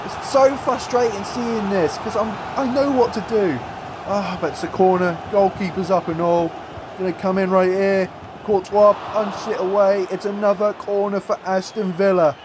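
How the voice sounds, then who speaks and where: A high-voiced man talks through his football game as he plays, calm one moment and shouting the next. He calls the action, swears freely and reacts loudly to every chance, with a faint hiss under the recording. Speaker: gaming YouTuber. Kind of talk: excited football game commentary.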